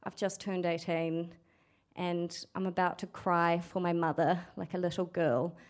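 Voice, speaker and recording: A woman's voice: fairly low pitch, level tone, measured pace. A young adult woman telling a true story at a storytelling event, frank and sweary, acting out what people said. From New Zealand. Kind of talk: live storytelling.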